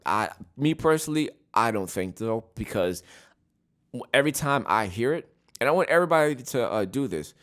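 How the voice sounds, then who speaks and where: A man hosting a casual solo podcast, talking through his opinions and often checking in with "right?". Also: fairly low pitch. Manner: opinionated, repeats "right?" often, frequent restarts. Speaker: podcast host.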